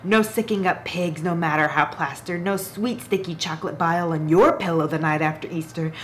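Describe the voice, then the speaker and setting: A woman reading the lines of a sly, grimy rat-king man in a low, hushed, conspiratorial voice. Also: a little fast, a little hiss or hum, natural voice.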